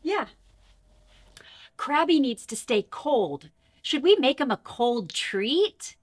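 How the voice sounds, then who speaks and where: A woman presenting a toddler learning show in a gentle, sing-song way full of exaggerated wonder. Her voice is high, swoops widely and moves slowly. Music plays clearly beneath her. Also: very animated. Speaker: children's show host. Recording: music under voice.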